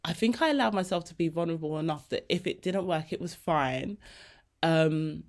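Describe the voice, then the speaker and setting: A woman's voice: low-pitched, moderate pace. A woman hosting a podcast, telling personal stories in a candid, slangy, emotionally open way. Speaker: podcast host.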